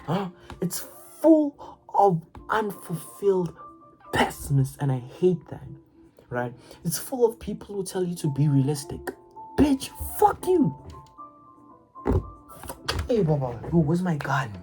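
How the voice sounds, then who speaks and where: A woman giving a casual, profane motivational rant, excitable and stammering as she repeats her words. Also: lowish voice, unhurried, faint music behind, poor audio. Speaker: motivational vlogger.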